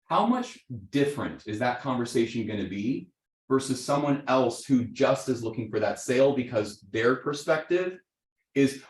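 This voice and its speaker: A man teaching a live real estate seminar to an audience, animated, often checking in with "right?" and acting out sample conversations. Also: medium pitch, moderate pace. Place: training room with audience. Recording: roomy echo.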